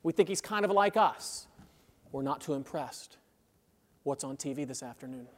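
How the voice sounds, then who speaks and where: A man's voice: mid-range voice, animated, normal speed. A man preaching a sermon as a pastor, conversational, checking in with his listeners, chuckling between phrases and building in intensity. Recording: long reverb of a large hall.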